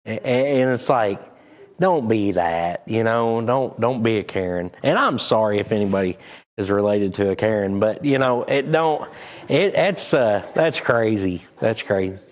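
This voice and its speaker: A man's voice: lowish voice, measured pace. A middle-aged man, a church pastor chatting casually and rambling with the congregation, chuckling often.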